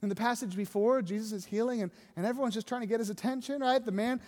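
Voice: mid-range voice, fast, darkish tone. A pastor preaching a sermon in a conversational way, often asking the congregation rhetorical questions. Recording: long hall reverb.

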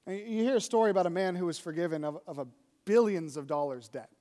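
A man's voice: high voice, fast, dark tone, in a large hall. A man preaching a sermon in a conversational, storytelling manner, often checking in with his listeners. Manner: conversational storytelling, frequent "right?" and "like". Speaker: pastor.

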